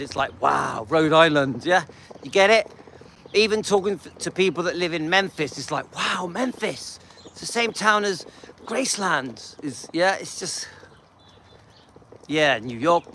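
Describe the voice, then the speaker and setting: Bright-voiced rambling English man. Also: fairly high pitch, slight background noise. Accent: West Country English. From England. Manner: enthusiastic, rambling, with fillers. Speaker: vlogger. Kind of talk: casual chat.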